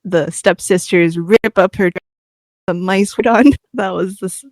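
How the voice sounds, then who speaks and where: A woman co-hosting a podcast in casual chat, animated and often laughing. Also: medium pitch, dry recording. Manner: animated, laughing, quick asides. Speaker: podcast co-host.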